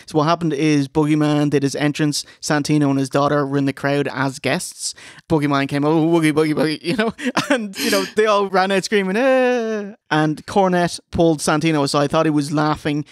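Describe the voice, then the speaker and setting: A man's voice: on the high side, brisk, dry recording, clean studio sound. A man co-hosting a casual review show, recapping with wry asides. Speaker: podcast co-host. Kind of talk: casual wrestling review chat.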